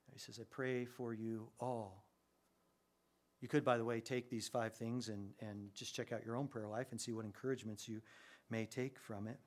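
A man preaching a sermon, animated, with his voice rising sharply when he gets excited. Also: mid-range voice, normal speed. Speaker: pastor.

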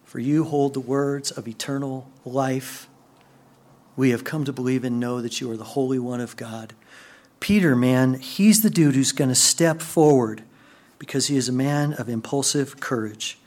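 A man preaching a sermon, moving between quiet, hushed passages and excited, raised outbursts. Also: on the high side, normal speed. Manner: animated, swings from hushed to excited. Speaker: pastor.

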